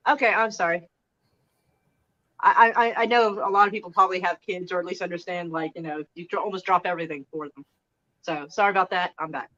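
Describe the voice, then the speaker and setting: A woman's voice: lowish voice, steady tone, fast talker, pushed and bright, dull audio. A woman chatting casually on a live stream, frank and rambling, often trailing off and restarting her thoughts. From Oklahoma.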